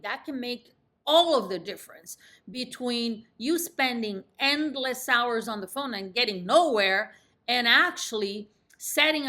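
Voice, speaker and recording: A woman coaching real estate agents in an emphatic, confident talk that drops in pitch at the end of each sentence. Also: bright, forceful tone. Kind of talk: instructional talk to camera.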